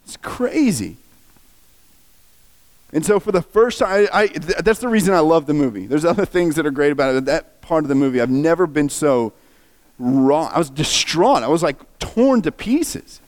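A man's voice: fairly high pitch, lively intonation, moderate pace, a little mellow. A man preaching, earnestly and emotionally retelling a story with feeling. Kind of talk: sermon storytelling.

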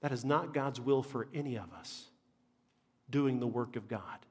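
A man's voice: mid-range voice, measured pace, darkish tone, husky. A man, preaching a sermon as a pastor in an earnest, emphatic way and repeating phrases for stress. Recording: long reverb of a large hall.

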